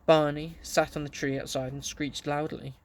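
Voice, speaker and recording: A man reading a children's story aloud, gently telling it and lightly voicing the characters. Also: on the high side, level tone, moderate pace. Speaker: audiobook reader.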